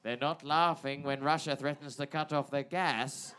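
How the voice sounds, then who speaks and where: Giggly improv host, man, high-pitched, reading a spoof bulletin with lots of ums. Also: fairly even intonation, normal speed, noisy background. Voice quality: hesitant, laughing through lines. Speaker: comedy podcast host. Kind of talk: improvised mock news reading.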